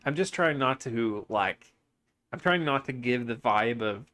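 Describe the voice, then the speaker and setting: A man's voice: mid-range voice, expressive, a little slow, bright, forceful tone. A man playing in a tabletop role-playing game, trading sarcastic jokes and thinking aloud. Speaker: player.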